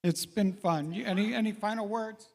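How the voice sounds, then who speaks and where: A man's voice: high voice, normal speed, gravelly, a little mellow. A middle-aged man hosting a live real estate event, folksy and encouraging as he calls out people in the audience by name. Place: large event hall. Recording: reverberant event hall.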